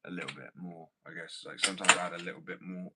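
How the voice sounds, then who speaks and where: Heavy background noise surrounds this low-pitched, quick-talking Englishman with fairly even intonation. A skater and small business owner, he chats casually with viewers, responding to their comments on skating and his business in a blunt, self-assured, rambling way.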